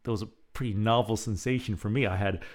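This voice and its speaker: A man hosting his own podcast, telling rambling everyday stories with chuckles and restarts, then slowly and softly guiding a breathing exercise. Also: on the low side, fairly even intonation. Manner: slow and soft when guiding breathing. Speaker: podcast host. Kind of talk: casual storytelling, then a guided breathing exercise.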